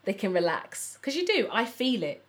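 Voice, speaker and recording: A woman's voice: mid-range voice, very animated, normal speed. A woman co-hosting a podcast, talking in an earnest, reflective way. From English Midlands. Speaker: podcast co-host. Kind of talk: casual chat.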